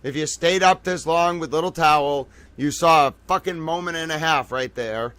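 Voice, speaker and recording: A man with a high, bright, forceful voice hosts a livestream late at night, excitable and swearing freely as he rambles straight to his viewers. He sounds tired from a long day, and the sound is close and dry, with no room echo. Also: moderate pace, clear, resonant tone. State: tired from being up all day. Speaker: livestream host.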